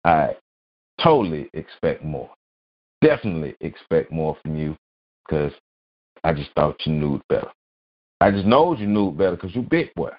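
A man's voice: very deep voice, very animated, normal speed, long pauses. A man hosting a solo podcast, ranting bluntly and profanely, repeating phrases to mock. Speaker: podcast host. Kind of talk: solo opinion rant. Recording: dull lo-fi audio.

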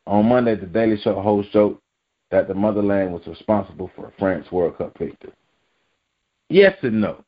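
Low-voiced, blunt, profane man commenting. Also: highs cut off. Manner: blunt, profane, emphatic asides between read-out passages. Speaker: vlog commentator. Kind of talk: reacting to a news article on camera.

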